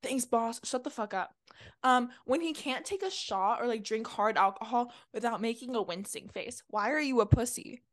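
A woman's voice: a little high, normal speed, a bit bright, no echo, studio quality. A young woman co-hosting a podcast, ranting bluntly and profanely in casual chat. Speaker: podcast co-host.

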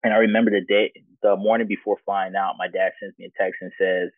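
A deep-voiced man tells personal stories in an easygoing, reflective way. His voice comes through a tinny, phone-like channel with a dry, close sound. He is the guest in an interview. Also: level tone, fast, few pauses, no room sound. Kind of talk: casual personal storytelling.

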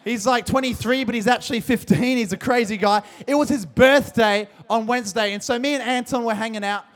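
A young Australian man, a youth pastor, hosting a youth service in a big hall, hyped and jokey, often shouting out to the crowd. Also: very high-pitched, brisk. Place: large hall with live audience.

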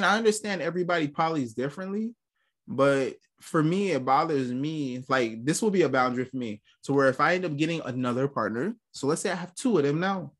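A man's voice: a little high, a bit bright. A young man hosting a podcast, talking in casual chat with a profane, rambling way of storytelling. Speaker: podcast host.

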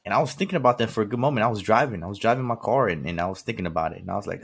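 A podcast host from California delivers a blunt motivational monologue directly to the listener, swearing casually and repeating himself for emphasis. His lowish voice is creaky with a breathy edge, racing along with few pauses.

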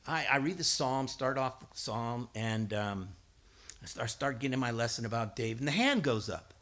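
Lively, bright-voiced man preaching. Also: medium pitch, moderate pace. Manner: storytelling, acts out voices, builds to emphatic peaks. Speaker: guest preacher and schoolteacher. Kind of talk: sermon.

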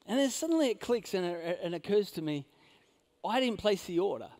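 A man with a high voice preaches a sermon as a pastor. He tells a personal story in a loose, conversational way, full of fillers. He swings from loud, emphatic lines down to hushed asides. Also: expressive, a little fast. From Orange County, California. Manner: conversational fillers like "like" and "you know".

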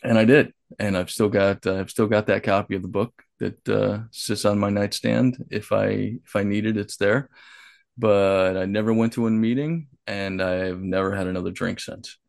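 A man's voice: lowish voice, steady tone, normal speed, creaky, darkish tone, no echo, clean studio sound. A man, an author and artist, talking candidly as a podcast guest, plainspoken and profane, acting out the voices in his head. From United States. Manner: frank and profane, with quoted inner dialogue and restarts. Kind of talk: candid conversational storytelling.

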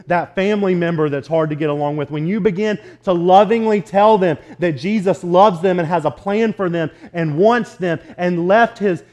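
A man preaching a sermon in a casual, conversational way, often calling the congregation "guys" and building to loud, emphatic exhortations. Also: sits high. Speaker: pastor.

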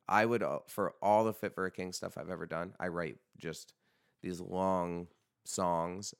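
Man, podcast host, very deep voice, smooth, rambling casual chat, swears a lot. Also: dry recording, studio quality. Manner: rambling, profane, joking.

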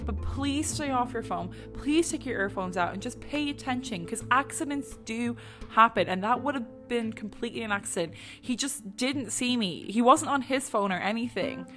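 A young woman telling stories about her week in a casual, animated way, swearing freely and saying "like" a lot. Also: fairly high pitch, moderate pace, faint music behind. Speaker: vlogger. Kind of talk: casual storytelling.

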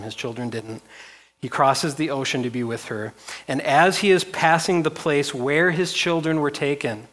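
A man's voice: mid-range voice, a bit bright. A man preaching a sermon as pastor, reading scripture aloud with rising intensity and repeating phrases.

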